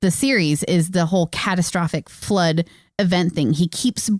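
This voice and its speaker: Animated woman podcast co-host. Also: fairly low pitch, normal speed, dry recording, studio quality. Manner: animated, laughs easily, many fillers. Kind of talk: casual podcast chat.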